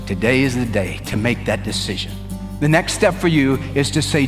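A man's voice: medium pitch, expressive, normal speed, in a large hall, music in the background. A man preaching a sermon as pastor, earnest and emphatic, repeating his phrases.

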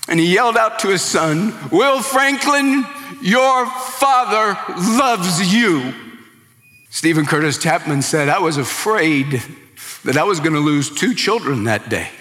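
A man preaching a sermon as pastor, impassioned, swinging from quiet pleading to raised emphasis. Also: a little high, big-room sound.

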